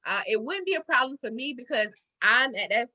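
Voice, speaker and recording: A woman hosting a podcast, telling stories in casual chat, animated, swearing freely and breaking into loud outbursts. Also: on the high side, a little fast. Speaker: podcast host.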